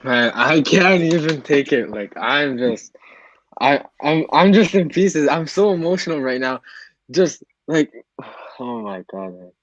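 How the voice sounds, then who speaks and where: A man's voice: fairly high pitch, animated, a little slow, no room sound, muffled recording. A man calling into a live fan stream over a video call, emotional and rambling, often repeating himself. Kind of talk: casual video call chat.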